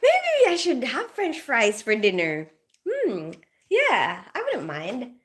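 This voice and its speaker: A nurse livestreaming to viewers chats casually in a high voice that swoops wildly in pitch, speaking slowly. Just awake after night shifts, she's giggly, laughs often, and greets viewers by name.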